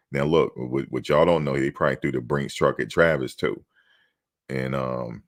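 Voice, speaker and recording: Hosting a loose sports talk show, a man with an extremely low, gravelly voice riffs and jokes at a moderate pace. He's casual and animated, slipping into mock quotes as he goes.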